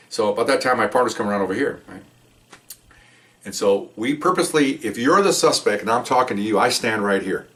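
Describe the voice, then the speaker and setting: Older retired cop telling a story fast. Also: male voice, fairly low pitch, far from the mic. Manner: animated, acts out the scene with gestures. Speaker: retired police officer.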